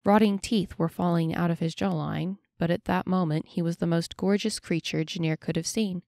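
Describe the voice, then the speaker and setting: A woman narrating a fantasy audiobook in a steady, measured way. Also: lowish voice, creaky, no room sound, clean studio sound.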